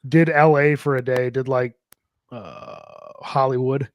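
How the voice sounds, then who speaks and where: A man's voice: mid-range voice, fairly even intonation, unhurried, dry recording, clean studio sound. A man on a podcast telling a rambling travel story, swearing often and acting out what people said. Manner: rambling storyteller, swears a lot, acts out quotes. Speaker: podcast co-host. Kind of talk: casual podcast chat.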